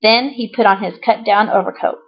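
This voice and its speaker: A woman reading a children's storybook aloud with clear, even storytelling and the occasional small slip. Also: medium pitch, brisk. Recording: dull lo-fi recording.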